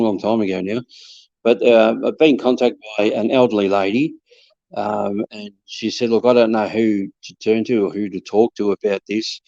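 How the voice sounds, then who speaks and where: A man recounts his investigations in a relaxed, halting way, often doubling up his words and acting out what people said. His voice is dark and mellow. The sound is dry, close and a little dull, as if from a modest mic. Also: fairly low pitch, gravelly, no room sound. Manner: hesitant, repeats words, quotes people in his stories. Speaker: paranormal investigator. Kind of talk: casual storytelling chat.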